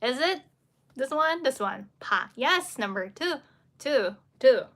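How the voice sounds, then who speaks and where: Slow, bright-voiced woman teaching. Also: sits high, expressive. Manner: patient, demonstrates sounds by repeating syllables; frequent fillers and restarts, laughs lightly. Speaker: Korean pronunciation teacher. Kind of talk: live-stream lesson, answering comments.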